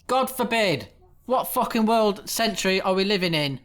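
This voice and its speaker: A man's voice: high voice, animated, moderate pace, fairly bright tone. A British man commenting on a horror game as he plays, sarcastic and swearing often. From United Kingdom. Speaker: gaming YouTuber. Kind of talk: gameplay commentary.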